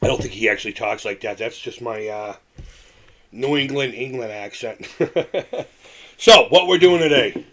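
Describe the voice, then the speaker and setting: A middle-aged man chats casually on a live stream at an ordinary pitch. He rambles, circles back on his own words and breaks into small chuckles as he goes. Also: measured pace, a bit bright.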